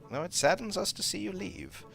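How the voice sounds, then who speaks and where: Casting: possessive fairy ruler, lilting and lively, slightly posh, a male streamer putting it on. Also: high voice, a little fast, creaky, soft background music, heavily acted. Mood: coaxing. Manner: sing-song, faintly posh reading voice. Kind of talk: reading game dialogue aloud.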